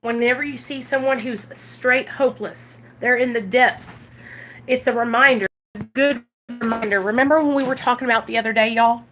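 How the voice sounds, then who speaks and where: This Arkansas woman, a recovery vlogger, sits in her car and shares her addiction recovery with viewers in a casual, heartfelt chat. Her voice carries a Southern accent and is a little high and a bit bright, moving at a moderate pace with fairly even intonation over a faint hiss or hum. Earnest and emotional, she is at times near tears.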